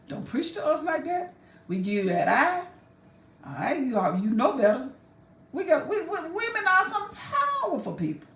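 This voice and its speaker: A woman's voice: mid-range voice, darkish tone. A woman teaching a Bible chapter in a sermon, emphatic and folksy, talking straight at her listeners. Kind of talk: preaching Bible exposition. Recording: echoey room, mic far off.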